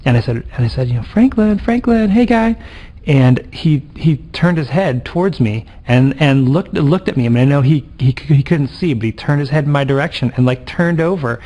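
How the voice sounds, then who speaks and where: A father eagerly recounting his son's birth, repeating himself as he goes. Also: mid-range voice. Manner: excited, repetitive storytelling. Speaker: interviewee, father.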